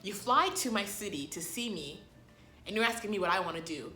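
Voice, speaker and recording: A young woman telling a storytime vlog in a sassy, dramatic way, with sudden loud outbursts. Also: mid-range voice, expressive, a little fast, soft background music. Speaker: vlogger. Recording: echoey room.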